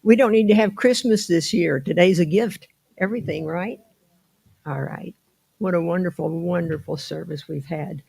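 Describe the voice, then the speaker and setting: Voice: mid-range voice, moderate pace, vocal fry, a little mellow, breathy edge. A board member leading a church benediction, speaking in rhythmic, repeated affirmations.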